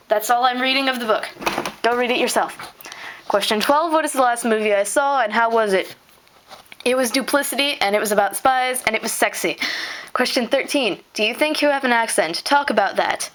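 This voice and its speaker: A woman's voice: a little high, a little fast, fairly bright tone. A teenage girl from Arkansas answering a voice meme questionnaire, chatty and giggly. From Arkansas, USA. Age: teens. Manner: chatty and giggly, reads aloud with stumbles. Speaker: vlogger.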